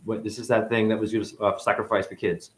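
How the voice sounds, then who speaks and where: A man talking as a spiritual teacher in a rambling, profane casual monologue that swings between loud and muttered. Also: on the low side, little pitch movement, a little fast.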